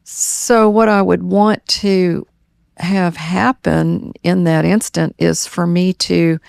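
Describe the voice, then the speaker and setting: An older woman, a guest in a candid therapy conversation, speaking in an earnest, halting way and repeating her words. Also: lowish voice, fairly even intonation, vocal fry, darkish tone, clean tone, no echo, studio quality. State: tearing up.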